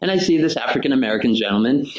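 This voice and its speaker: A man in his forties hosts a podcast in a casual, chatty way and spins an anecdote full of "I'm like" and "he's like". His voice sits at a middling pitch. The room is echoey and roomy around him. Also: lively intonation, rapid-fire, a loud crowd. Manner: chatty storyteller, relays dialogue with lots of "I'm like". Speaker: podcast host. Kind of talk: casual interview chat, telling an anecdote.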